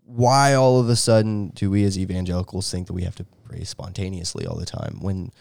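A man's voice: low-pitched, fairly even intonation, fairly quick, creaky, a little mellow, no echo, studio quality. A man with a cold co-hosting a casual chat, easygoing and teasing. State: has a cold. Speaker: podcast co-host.

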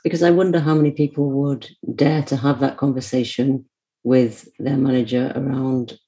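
Attentive woman host with a warm, dark voice. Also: rumbling low, steady tone, moderate pace. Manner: attentive, gives frequent soft agreement. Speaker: podcast host. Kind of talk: conversational podcast interview.

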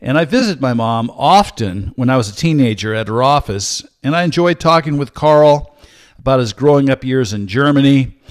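A man's voice: mid-range voice, lively intonation, no room sound, clean studio sound. Earnest older male Bible teacher. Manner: earnest, measured, with frequent "uh" fillers. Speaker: podcast host and Bible teacher. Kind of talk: solo podcast teaching talk.

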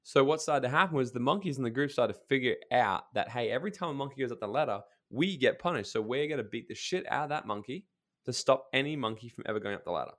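A man's voice: medium pitch, animated, fairly bright tone. Blunt, emphatic man telling a story. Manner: emphatic, blunt, casual swearing; storytelling with quick asides. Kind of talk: casual podcast chat.

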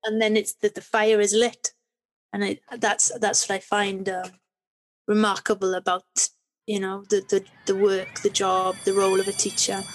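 A middle-aged woman appears as a podcast guest, chatting conversationally and telling stories full of restarts and rambling sentences. Her medium-pitched voice is completely flat, at a moderate pace.

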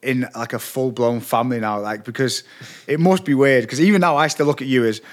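A man in his thirties hosting a podcast interview, asking quick probing questions in a supportive way. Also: medium pitch. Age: 30s. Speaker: podcast host. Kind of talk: interview conversation.

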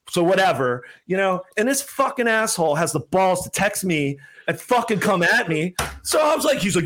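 A man's voice: sits high, expressive, fast talker, fairly bright tone. A man telling a story in casual chat, heated and swearing a lot.

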